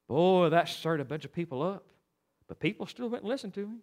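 A man's voice: high-pitched, expressive, fairly quick, a little mellow. A man preaching a sermon as pastor, emphatic and preachy, with stammered restarts.

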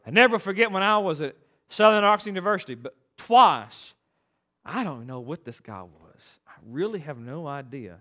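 A man's voice: a little high, lively intonation, normal speed, sharp tone. A man preaching a sermon as pastor, emphatic and preachy, with stammered restarts.

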